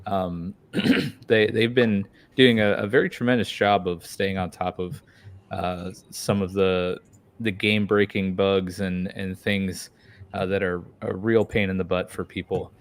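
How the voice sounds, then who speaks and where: Deep-voiced man hosting a casual podcast. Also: steady tone, measured pace. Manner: rambling, frequent fillers and restarts. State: losing his voice. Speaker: podcast host.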